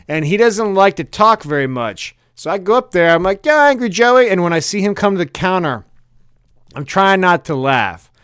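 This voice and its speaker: A man's voice: mid-range voice, smooth, no room sound, clean studio sound. A young man on a comedy podcast, ranting casually and profanely, acting out quotes and laughing as he tells stories. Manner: profane, animated storytelling with laughs and acted-out quotes. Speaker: podcast co-host.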